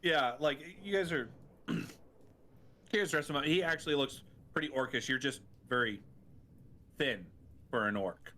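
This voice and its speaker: A man's voice: medium pitch, moderate pace, pauses often, pushed and bright. A man running a tabletop game as dungeon master, laughing often and restarting his sentences. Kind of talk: narrating a tabletop game over voice chat.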